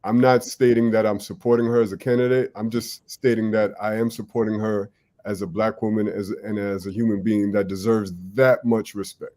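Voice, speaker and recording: A man's voice: fairly low pitch, little pitch movement, normal speed, dark tone. A young man co-hosting a podcast, talking earnestly and patiently explaining his point in casual chat. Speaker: podcast co-host.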